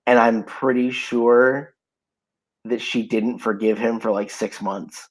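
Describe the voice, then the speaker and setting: A slow-paced man with a mid-range voice, heard on a rough recording, tells relaxed stories as a podcast co-host. The chat is casual and set at home, he has hiccups, and fillers pop up constantly.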